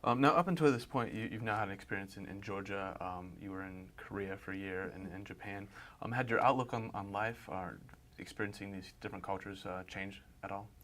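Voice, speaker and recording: A man's voice: lowish voice, brisk, a bit bright. A man interviewing a veteran, asking short follow-up questions, heard a little off-mic. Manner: brief questions and backchannel murmurs. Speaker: interviewer, former subordinate.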